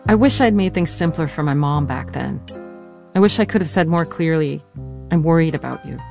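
A narrator telling a family story in a reflective, earnest, measured way, and also interviewing their mother. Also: medium pitch, animated, vocal fry, a little mellow, faint music behind. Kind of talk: personal documentary narration and interview.

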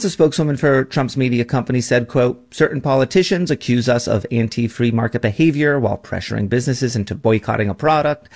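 A man working as a news correspondent, answering a host's questions in a measured, reportorial way. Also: medium pitch, gravelly, a little mellow. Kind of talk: radio news interview.

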